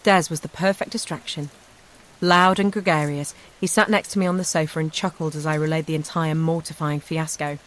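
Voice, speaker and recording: A woman narrating a first-person memoir audiobook in an even, measured storytelling manner. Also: low voice.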